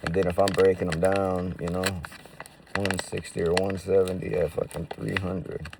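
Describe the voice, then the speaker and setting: A man's voice: deep voice, level tone, moderate pace, gravelly, distant mic, background noise. A man casually telling stories to camera in profane, slangy street talk full of fillers. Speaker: roofing business owner.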